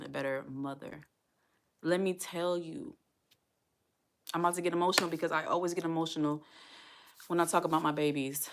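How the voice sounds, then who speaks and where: Low-voiced earnest woman vlogger. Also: creaky. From United States. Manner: earnest, heartfelt, repeats herself for emphasis. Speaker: single mom vlogger. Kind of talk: casual livestream talk to viewers.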